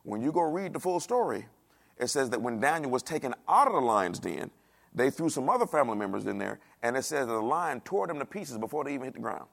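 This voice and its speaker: A man preaching a sermon in a dialect, animated, asking the congregation questions and acting out the voices of the people he quotes. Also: medium pitch, quick pace, vocal fry. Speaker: pastor.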